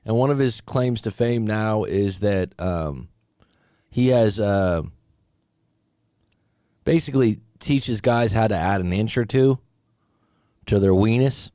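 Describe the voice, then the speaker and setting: A man, a relationship coach, giving casual commentary on clips, animated and chatty with quoted asides. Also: lowish voice, slow pace, long pauses, no room sound, studio quality.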